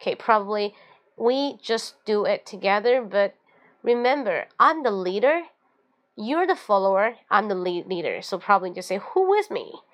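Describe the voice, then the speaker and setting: A woman's voice: mid-range voice, moderate pace. A woman with a Mandarin Chinese accent hosting an English lesson show, explaining everyday phrases and acting out little example lines. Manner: lively teaching with acted example phrases, mixing in Mandarin explanations. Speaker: host.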